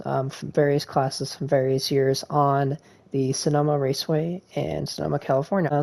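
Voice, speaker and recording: Male sim-racing video host, casual rambling delivery full of fillers, flat and even in tone. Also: fairly high pitch, vocal fry. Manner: rambling, with frequent ums and uhs. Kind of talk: casual gameplay commentary.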